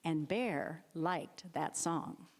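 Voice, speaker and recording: Animated female storyteller for children, in a reverberant sanctuary. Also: low voice, extremely slow. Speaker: storyteller, board president. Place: church sanctuary. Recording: long hall reverb.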